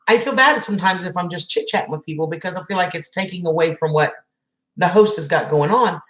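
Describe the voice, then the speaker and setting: Lady on a live stream chatting with her viewers by name, kinda echoey room. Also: on the low side. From Southern United States. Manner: chatty, greets viewers by name, laughs often. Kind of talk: casual chat with live chat viewers.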